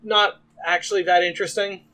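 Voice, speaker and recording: A man co-hosts a casual podcast recap. His voice sits a little high and sounds bright. He talks in a dry, blunt way and swears casually. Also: level tone, fairly quick. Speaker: podcast co-host. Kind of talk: casual chat recapping a TV episode.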